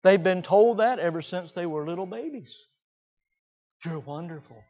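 Man, high voice, animated sermon delivery, muffled lo-fi sound. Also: brisk. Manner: animated preaching, mimics quoted people in high voices. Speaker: pastor.

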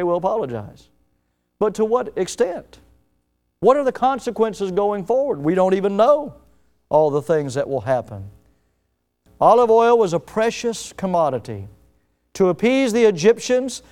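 A man preaches with a high, clear, ringing voice. He swings between loud, emphatic peaks and hushed asides, and he often turns to the congregation with direct questions. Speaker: pastor. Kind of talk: sermon.

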